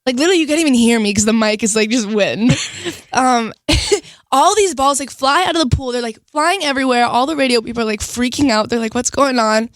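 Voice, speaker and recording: A young woman guest in a radio studio, talking in a bubbly, fast-flowing way with lots of "like" and quick laughs. Her voice sits a little high, and the sound is dry and close. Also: no room sound. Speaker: guest singer. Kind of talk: casual interview chat.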